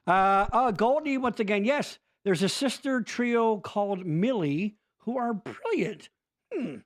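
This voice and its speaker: A male podcast host chatting casually, with a fairly high voice. He talks in a very lively, sing-song way, full of jokes and the odd curse. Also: unhurried. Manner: joking, profane, animated. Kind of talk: casual chat.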